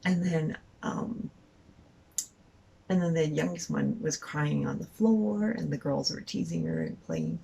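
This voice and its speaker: Low, gravelly woman telling a story. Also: lively intonation, a little slow, dark tone, slight background noise, rough recording. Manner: rambling, many fillers and restarts, laughs often. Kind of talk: casual storytelling.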